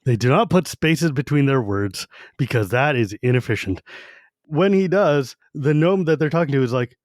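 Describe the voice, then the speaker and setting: A man co-hosting a podcast, talking casually about a fantasy novel and acting out its quotes with animated energy. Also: mid-range voice, moderate pace, no room sound, clean studio sound. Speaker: podcast co-host. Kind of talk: casual book discussion.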